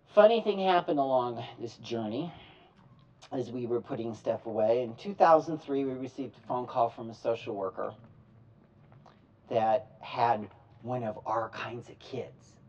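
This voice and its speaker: Man, storytelling talk, animated, plays out both ends of calls; distant dull recording. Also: mid-range voice, measured pace. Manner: animated, acts out both sides of phone calls. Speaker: speaker telling his story.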